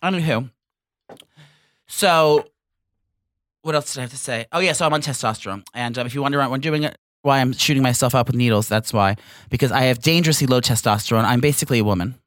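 A man's voice: medium pitch, quick pace, no room sound. A man in his thirties hosting a podcast, chatting casually in a rambling, crude, candid way into a close mic. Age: 30s. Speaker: podcast host. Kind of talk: casual chat.

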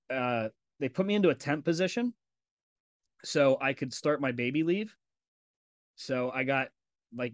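A male podcast host talking in a loose, conversational way, swearing freely and acting out the dialogue in his stories. His voice sits at an everyday middle pitch and sounds dry and close to the mic. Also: dry recording. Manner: candid and profane, acts out quoted dialogue in storytelling. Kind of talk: casual conversational interview.

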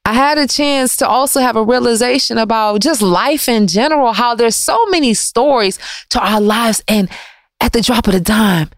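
A woman telling a personal story in a casual, candid monologue, reflective and lively with her emphasis, recorded in a studio. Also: moderate pace, no room sound. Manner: candid, reflective, swings in pitch and pace for emphasis. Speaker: vlogger recounting a personal story.

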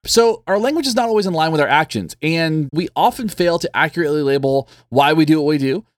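A man's voice: a little high, animated, fast talker, dry recording, clean studio sound. A man co-hosting a casual podcast, talking in a loose, rambling way full of fillers. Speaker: podcast co-host.

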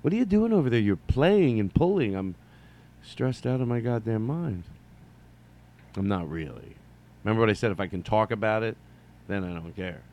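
A man's voice: fairly low pitch, expressive, normal speed, long pauses, darkish tone. Rambling joking male comedy podcaster. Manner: rambling, self-interrupting, jokey asides and mock voices. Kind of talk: rambling solo comedy monologue.

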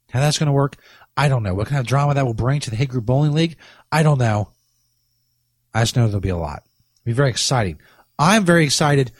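A man's voice: medium pitch, no room sound. A man hosting a comedy podcast with a rambling, boastful, profane monologue, coming down with a cold. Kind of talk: crude comic monologue.

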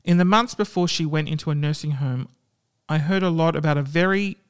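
A man reading stories aloud and breaking off into hushed, emotional asides. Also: fairly high pitch, fairly quick, clear, resonant tone. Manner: reactive, drops to hushed asides between readings.

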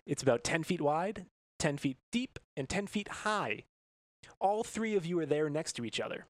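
A man with a fairly high voice leads a tabletop game for his podcast co-hosts, laying out rules and rooms in an upbeat, chuckling way. His voice is dry and close, with no room echo. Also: lively intonation, normal speed. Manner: upbeat, laughs between descriptions. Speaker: game master.

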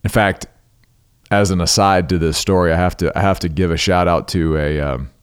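A man with a somewhat low voice hosts his own podcast alone. He talks earnestly and with emphasis, circling back with restarts and little asides as he tells a story. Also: steady tone, moderate pace, smooth. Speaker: podcast host. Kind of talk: solo podcast monologue.

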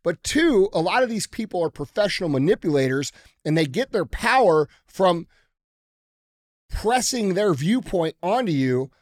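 Male co-host, slightly high voice, dry sound, forceful opinions. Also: big pitch swings, normal speed, dry recording. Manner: emphatic, opinionated, rhetorical questions. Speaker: podcast co-host. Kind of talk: casual chat.

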